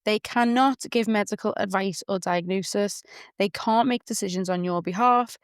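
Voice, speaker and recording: A young woman with a Liverpool accent hosting a podcast in a candid, chatty way, often quoting people in lively voices. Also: medium pitch, normal speed, smooth, dry recording, studio quality. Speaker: podcast host, doula. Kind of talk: casual chat.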